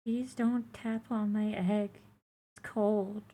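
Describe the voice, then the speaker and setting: A woman's voice: mid-range voice, flat delivery, slow, dark tone, pitched above the performer's own voice. A woman voicing a weak, cold creature speaking from inside a dragon egg, small and plaintive.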